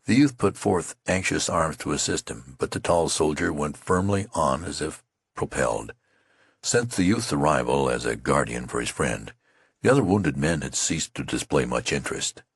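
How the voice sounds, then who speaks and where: Very deep, husky male audiobook narrator. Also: expressive, moderate pace, no echo, clean studio sound.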